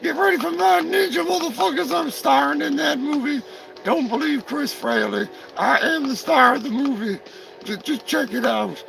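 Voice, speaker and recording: A man voicing a brash, high-pitched male character who shouts and brags. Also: moderate pace, gravelly, recorded from a distance, over music, exaggerated voice. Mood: cocky. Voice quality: shouty, cocky.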